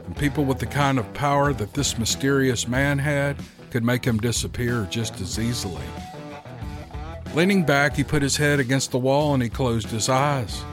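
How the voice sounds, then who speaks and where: A man reading a story aloud as a narrator, in a steady, measured manner. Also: mid-range voice. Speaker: audiobook narrator. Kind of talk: scripted narration.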